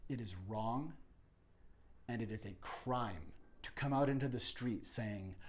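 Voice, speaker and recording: A man delivering an impassioned spoken-word meditation, dropping to whispers and rising to shouts. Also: mid-range voice, measured pace. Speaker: monologue speaker.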